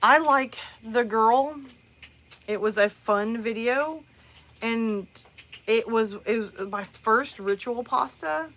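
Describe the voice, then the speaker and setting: A woman's voice: on the high side, slow, a bit bright, slight background noise. Rambling woman chatting on a live stream. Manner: rambling, chatty, many fillers and restarts. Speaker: host. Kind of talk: casual live-stream chat.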